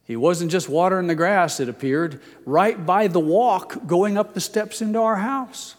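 Speaking unhurriedly in a voice that sits high, an older pastor shares a personal anecdote in his sermon. He's conversational and self-deprecating, and a long hall reverb trails his words.

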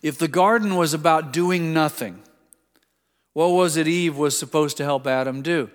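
A man delivering a sermon in a somewhat high voice, relaxed and conversational, stopping for personal asides and stories. His words ring out with a long reverb tail from the church hall. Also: moderate pace. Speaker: preacher.

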